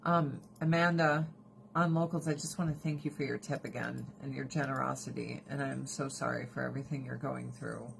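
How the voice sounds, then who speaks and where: A woman's voice: extremely low pitch, fairly even intonation, fairly quick, creaky, background noise. A woman hosting a casual livestream chat, talking bluntly and expressively, swearing freely and often laughing. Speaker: livestream host.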